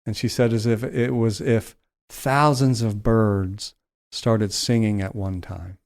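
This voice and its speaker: Soft-spoken man telling a moving story. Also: lowish voice, fairly even intonation. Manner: slows down and softens for emotional moments. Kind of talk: heartfelt storytelling.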